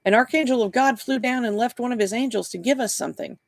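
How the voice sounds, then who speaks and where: A man putting on a cheerful young suspect with a raised, gravelly voice, drawling in loose street grammar and grinning through every answer. He sounds simple-minded and easygoing in this storybook reading, recorded close and dry. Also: very high-pitched, fast, dry recording, voice pushed up.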